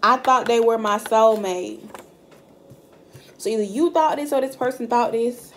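A woman's voice: fairly high pitch, unhurried, a little hiss or hum. A woman giving a casual tarot reading straight to camera. She is blunt and profane and talks directly to her viewers. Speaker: tarot card reader. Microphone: camera mic.

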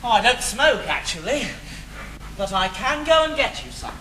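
A man's voice: very high voice, normal speed, a little hiss or hum, exaggerated voice. An actor playing a posh, naive, bookish teenage boy in a stage musical, with an earnest and eager way of talking and singing. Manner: earnest and eager, animated sing-song delivery. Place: theatre stage. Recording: distant live theatre recording with music.

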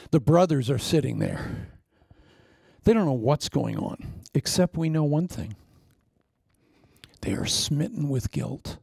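A middle-aged man preaching a sermon, telling stories in an animated way. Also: medium pitch, creaky, slightly rough, no room sound, studio quality.

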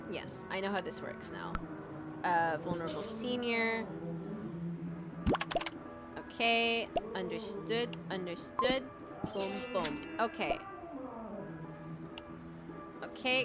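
Woman streamer, chatty and profane, slow lively delivery over loud game music. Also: mid-range voice. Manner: chatty, swearing, thinking aloud as she plays. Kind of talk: gameplay commentary.

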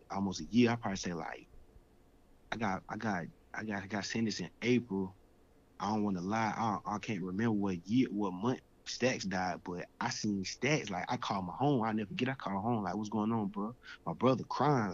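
A young man in his twenties, a guest in an interview, telling his story in slangy, streetwise casual talk. The recording sounds dull and lo-fi. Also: fairly low pitch.

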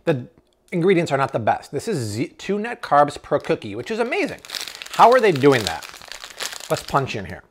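A man's voice: fairly high pitch, huge pitch swings, moderate pace, background noise. A man in an enthusiastic grocery haul review, exclaiming and tasting products on camera. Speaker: food vlogger.

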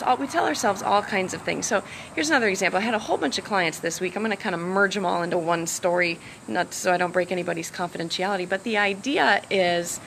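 A woman coach talking casually outdoors by the ocean, animated and acting out quoted dialogue, with a slight sore throat. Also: medium pitch, creaky, a little hiss or hum, poor audio. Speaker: self-love coach and hypnotherapist. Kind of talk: casual live-stream talk.

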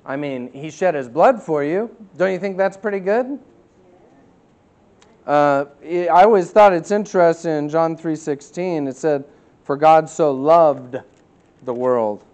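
Fervent pastor with a higher voice. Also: male voice, expressive. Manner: emphatic preaching that swings from loud to quiet; reads scripture slowly and deliberately. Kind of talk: sermon.

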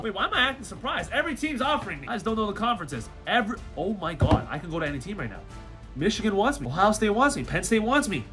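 High, bright-voiced young man hyping gameplay. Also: very animated, quick pace, faint music behind. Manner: hyped, jokey, shouts often, slangy with "you know what I'm saying". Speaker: gaming YouTuber. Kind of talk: energetic gameplay commentary.

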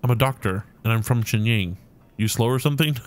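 A man voicing a rotund, balding male dwarf film producer who talks in a brash, pushy way with a rough put-on New York accent. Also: mid-range voice, brisk, close to an everyday voice.

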